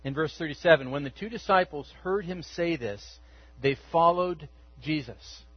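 High-voiced, husky male preacher. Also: moderate pace, dry recording, lo-fi sound. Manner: conversational storytelling, acts out quotes. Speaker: pastor. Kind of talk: sermon.

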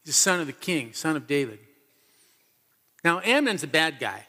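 An earnest male pastor preaching with emphatic, repetitive storytelling. His voice sits a little high for a man, and a long reverb trails it through the church hall. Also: sing-song, moderate pace, sharp tone. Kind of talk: sermon.

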